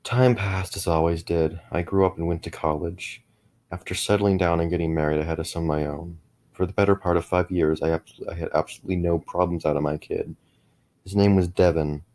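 A middle-aged man with a very low, deep voice reads a first-person horror story. His delivery is measured, and he often stumbles and restarts small phrases. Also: steady tone, darkish tone. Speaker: narrator.

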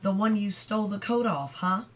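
A woman's voice: mid-range voice, normal speed, close to an everyday voice. A woman reading aloud who voices a plainspoken, kindly male sheriff in a matter-of-fact manner.

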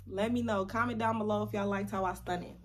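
Young woman, casual vlog chat, playful, stretched-out words, mid-range pitch. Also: fairly even intonation, a little fast, noisy background. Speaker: vlogger.

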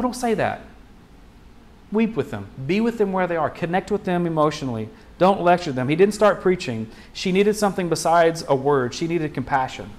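Guy pastor preaching, kinda high voice, chatty, lots of questions and restarts. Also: a little mellow. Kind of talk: sermon.

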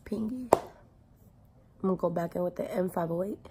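A woman's voice: on the low side, flat delivery, normal speed, mellow, a little hiss or hum. A young woman talking casually through a makeup tutorial in a chatty, filler-heavy way, with some swearing. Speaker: beauty vlogger.

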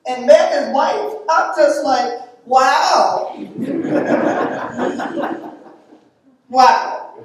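Slow, high-voiced woman giving a eulogy. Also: slight background noise. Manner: heartfelt, emphatic storytelling. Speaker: eulogy speaker. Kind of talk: memorial eulogy with scripture reading. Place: church or memorial hall. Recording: echoey hall from a distance.

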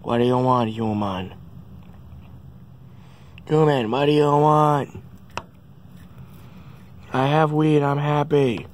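A man doing a squeaky, demanding little hamster. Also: steady tone, slow pace, pauses often, slight background noise, close to an everyday voice. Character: pet male hamster, small, demanding.

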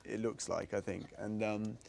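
This time the young English actor speaks at a normal pace, his voice on the low side with little pitch movement, creaky and slightly mellow, with no echo. Facing pupils in a school room audience, he rambles casually, downplays himself, and laughs often.

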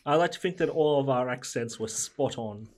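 Guy co-host, teasing, cracks jokes, mid pitch. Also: normal speed. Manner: teasing, wisecracking. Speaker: podcast co-host. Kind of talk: casual banter.

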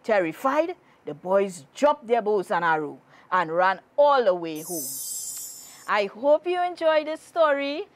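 Slow, expressive woman reading aloud. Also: mid-range voice, no echo. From Trinidad and Tobago. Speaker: guest reader. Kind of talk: reading a children's story aloud.

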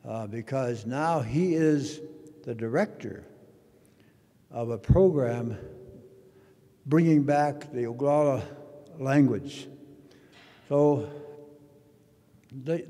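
An older man giving a rambling storytelling speech at a conference, halting with many fillers and restarts. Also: a little high, mellow. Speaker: conference speaker. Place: conference hall. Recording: long reverb of a large hall.

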